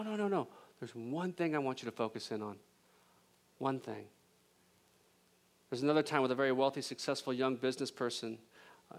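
A man preaching a sermon as pastor, conversational and joking, with emphatic swings between loud intensity and a hushed delivery. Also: medium pitch. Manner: conversational with jokes and laughter.

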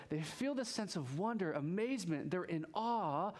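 A man preaching a casual, conversational sermon as a pastor, chatty and animated, joking with the congregation as he goes. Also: sits high, normal speed.

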